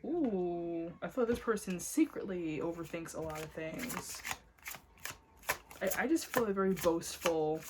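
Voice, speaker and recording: A woman giving a casual tarot reading in a blunt, excitable way, cursing often. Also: lowish voice, a little slow, noisy background. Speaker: tarot reader.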